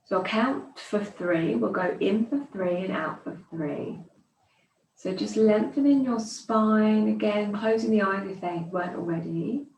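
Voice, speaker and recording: A woman teaching yoga, guiding slow breathing with calm, soothing counting cues. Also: medium pitch, vocal fry. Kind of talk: guided breathing instruction. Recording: echoey room, distant mic.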